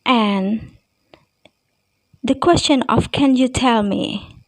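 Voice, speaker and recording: A woman English teacher with an Indonesian accent, calmly explaining test questions and reading out example answers in a recorded lesson. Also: fairly high pitch, extremely slow, no room sound, poor audio.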